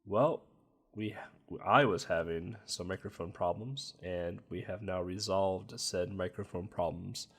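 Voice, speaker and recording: A man's voice: low-pitched, measured pace, husky. A man hosting a casual podcast, stuffed up from allergies, with a laid-back manner. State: congested from allergies. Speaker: podcast host. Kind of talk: casual chat. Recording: dull echoey two-mic audio.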